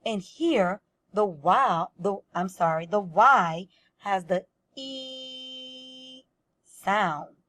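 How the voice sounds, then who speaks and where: Slow, patient woman teaching first graders. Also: medium pitch, fairly bright tone. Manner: slow, patient, sounding out words for children. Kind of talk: first-grade reading lesson.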